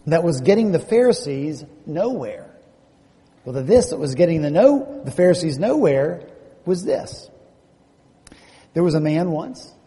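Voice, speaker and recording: Southern US pastor preaching in a reverberant hall. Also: male voice, fairly high pitch. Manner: animated storytelling, acts out quoted speech. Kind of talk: sermon. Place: church sanctuary. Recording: long reverb of a church hall.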